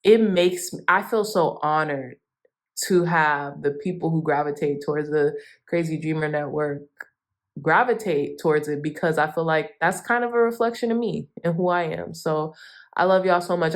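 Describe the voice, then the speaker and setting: A woman's voice: deep voice, normal speed. A woman giving a chatty, effusive tarot reading straight to her viewers. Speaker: tarot reader.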